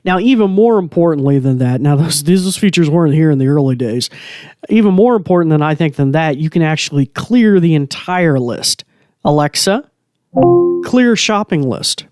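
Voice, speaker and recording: Casual male podcast host, rather high voice, dry studio sound, chatty with fillers. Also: animated, moderate pace, darkish tone, clean tone, dry recording. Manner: chatty, loose, many fillers. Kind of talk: casual tech tutorial. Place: small home studio.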